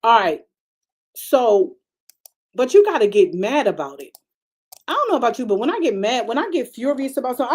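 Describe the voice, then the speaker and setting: A middle-aged woman pastor preaching a sermon in a conversational, vernacular style that keeps rising into emphatic, high-pitched bursts. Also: big pitch swings, a little fast, a little mellow, breathy edge.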